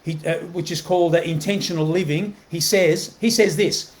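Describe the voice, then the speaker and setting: A man's voice: a little high, fairly even intonation, moderate pace. A man hosting a motivational live video, talking earnestly and often checking in with a questioning "right?", repeating phrases as he goes. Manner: earnest, keeps asking "right?" to the viewer; repeats himself, many fillers and restarts. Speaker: motivational host.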